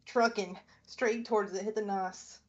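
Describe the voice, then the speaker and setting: A woman playing a tabletop roleplaying game, excitable, laughing often and swearing casually. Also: medium pitch, measured pace, lo-fi sound. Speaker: player.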